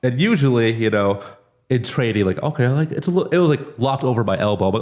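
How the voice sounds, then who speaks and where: A man being interviewed as a fighter, talking casually with lots of "like" and growing lively when he tells stories. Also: medium pitch, quick pace. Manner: relaxed, heavy use of "like", lively when telling stories. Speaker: MMA fighter, interview guest.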